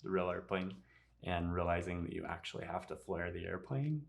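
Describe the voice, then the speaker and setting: A man, an airline pilot hosting a podcast, telling stories in a relaxed, casual way with easy laughs. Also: low voice, fairly quick, creaky. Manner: relaxed, laughs easily, filler-heavy. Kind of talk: casual conversational storytelling.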